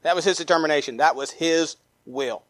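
A man preaching a sermon in a fairly high voice. He reads scripture aloud with fillers and restarts, climbs into emphatic stretches, then sinks to low, trailing drops. The sound is dry and close. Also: fairly quick, a bit bright, no echo. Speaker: pastor.

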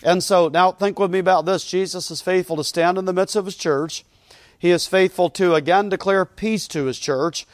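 A man preaches with earnest conviction, his fairly high voice building in emphasis as he repeats key phrases. The sound is dry and close, with little room echo. He speaks as a pastor addressing his congregation. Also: fairly even intonation, normal speed. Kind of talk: sermon. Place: church.

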